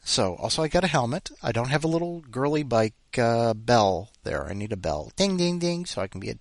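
A man hosting a show, telling a rambling personal anecdote in a profane, ranting way, often mimicking other people in high, mocking voices. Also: fairly quick, gravelly, dry recording. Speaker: podcast host.

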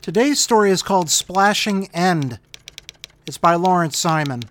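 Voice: mid-range voice, animated, measured pace, fairly bright tone. A podcast host reading a very short story aloud as scripted narration, then signing off in a dry, wry way.

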